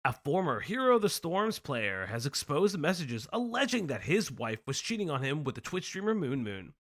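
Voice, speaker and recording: A young man hosting a casual live stream, reading news aloud with animated, profane joking asides. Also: a little high, moderate pace. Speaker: stream host.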